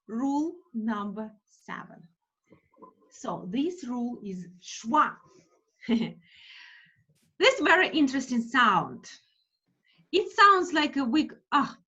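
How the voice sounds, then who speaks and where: On a video call, an English phonics teacher leads her online class in a slow, animated way, her voice highish and a touch rough. She enunciates carefully and says words again and again for practice. The recording has the dull, lo-fi sound of an online call.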